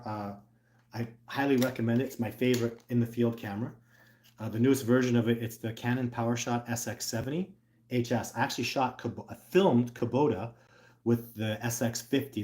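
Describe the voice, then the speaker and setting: A man's voice: medium pitch, a little hiss or hum. A middle-aged man hosting a casual livestream, talking earnestly and rambling, with lots of restarts and filler words. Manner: bursts into loud excited put-on exclamations. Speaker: host.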